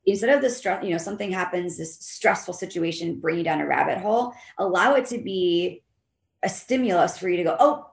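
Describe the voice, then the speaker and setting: Woman coach on a podcast, kinda low gravelly voice, animated, roomy echo. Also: brisk. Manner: animated, acts out quoted voices of employees and leaders. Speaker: leadership coach and behavior analyst. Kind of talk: interview guest explaining her method.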